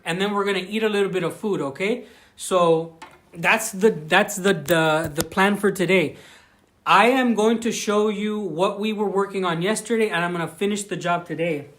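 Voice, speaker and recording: A young man with a Southern Californian accent and a fairly high voice, talking loosely to his livestream audience. He restarts sentences often and breaks off to thank viewers. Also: normal speed, a bit bright. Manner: chatty, thanks viewers, frequent restarts and fillers. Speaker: livestream vlogger. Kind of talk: casual live-stream chat. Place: outdoors on a rural plot.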